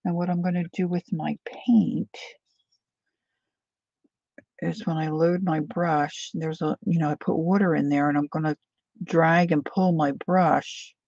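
A woman with a gravelly, mellow voice talks through a painting demonstration in a relaxed, chatty way, wandering off into side stories as she works. The sound is dry and a little dull and lo-fi. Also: low voice, a little slow, pauses often, no echo. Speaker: painting tutorial host.

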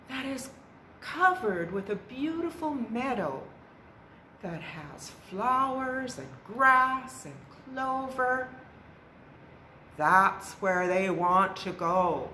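A woman presenting a library storytime, telling a folk tale to young children in a slow, expressive way. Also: medium pitch. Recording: roomy echo with faint background noise.

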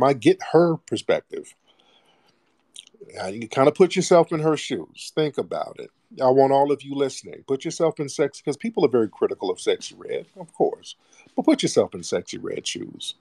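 A man's voice: medium pitch, sing-song, normal speed, a little mellow, slightly rough, dry recording. A man hosting a call-in show, speaking in a blunt, profane and preachy manner in a casual monologue.

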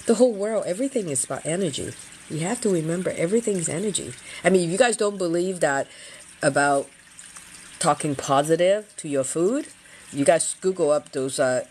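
A woman's voice: deep voice, slight background noise. A middle-aged woman hosting a casual feng shui livestream, talking earnestly and chattily and often repeating her phrases.

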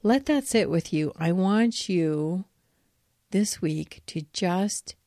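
A woman's voice: lowish voice, animated, slow, dark tone, no echo, studio quality. A woman podcast host reading an old religious text aloud and reflecting on it, lifting her voice for quoted lines. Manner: reflective, reads quoted lines with lifted emphasis. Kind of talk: reading and commenting on scripture.

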